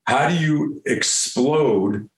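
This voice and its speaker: Profane, animated male storyteller, roomy echo. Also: on the high side, drawn-out words. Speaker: guest. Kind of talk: casual storytelling interview.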